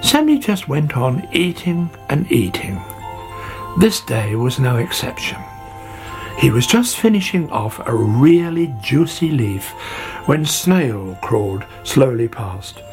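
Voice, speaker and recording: A storyteller reading a children's story aloud in an expressive, unhurried way. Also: mid-range voice. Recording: faint background music.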